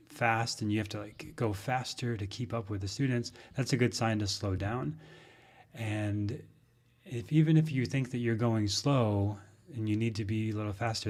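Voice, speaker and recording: A man, a yoga teacher, giving spoken tips in a relaxed, unhurried way. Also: fairly low pitch. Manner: relaxed, unhurried, with fillers and restarts.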